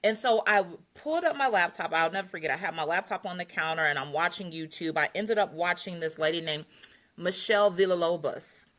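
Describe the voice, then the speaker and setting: An older woman as a podcast guest, telling her story in a lively way, acting out quotes and laughing often. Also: fairly low pitch, a little fast. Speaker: podcast guest, retreat host. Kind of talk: casual interview storytelling.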